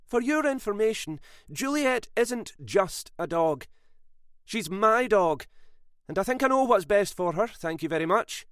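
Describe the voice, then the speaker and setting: A high, prim woman scolds in a tart, clipped way, as a male narrator puts her on. The audiobook read is close and dry, with a lively rise and fall. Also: measured pace, no echo. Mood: indignant. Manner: snappish, scolding. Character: prim stern woman, sharp-tongued dog owner.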